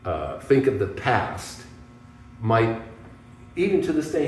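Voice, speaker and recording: A man from the United States, a guest guitarist, telling animated stories in an interview and acting out the voices of people he quotes. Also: on the low side. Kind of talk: storytelling interview. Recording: echoey room from a distance, faint background noise.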